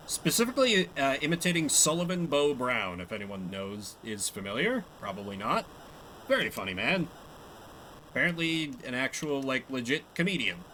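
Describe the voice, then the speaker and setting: A man's voice: mid-range voice, big pitch swings, normal speed, bright, forceful tone, a little hiss or hum, low-quality recording. A young man chatting casually and laughing at himself while he plays a game live. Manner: chatty, self-mocking, laughs often. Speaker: streamer. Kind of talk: live gameplay commentary.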